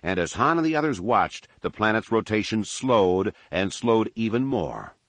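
A man giving a measured, dramatic audiobook narration of an action story. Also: lowish voice, expressive, a bit bright, dry recording. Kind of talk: scripted narration.

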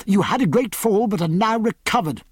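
Man putting on a tender devout parson, higher voice, husky and heartfelt. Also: animated, normal speed, no room sound, clean studio sound. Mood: relieved.

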